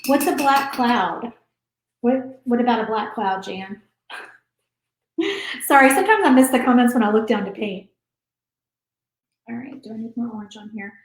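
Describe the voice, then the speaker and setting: A woman's voice: a little high, animated, moderate pace, long pauses. A woman, chatting casually while she paints and reads viewer comments aloud on a craft livestream. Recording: roomy echo.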